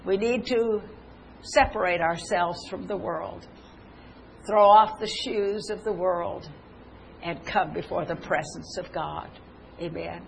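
A woman's voice: on the low side, slow pace, creaky, slight background noise, rough recording. A woman preaching a televised sermon, earnest, stopping and restarting as she quotes scripture. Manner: earnest, with many restarts, quoting scripture aloud.

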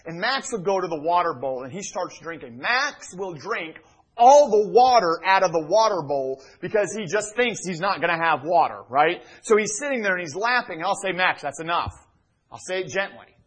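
Husky-voiced male pastor preaching. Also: high-pitched, lively intonation, moderate pace, low-quality recording. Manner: swings from loud emphatic preaching to hushed near-whispers. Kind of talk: sermon. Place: church sanctuary.

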